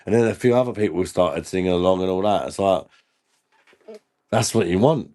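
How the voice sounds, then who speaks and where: A man's voice: sits low, a little fast, pauses often, mellow. A man hosting a casual live stream, laughing often and bantering with viewers in the chat while he drinks.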